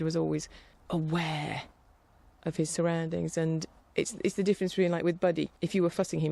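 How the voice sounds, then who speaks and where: With a deep voice, vocal fry and a slightly mellow quality, the middle-aged podcast host wanders chattily through her talk, laughing and restarting often.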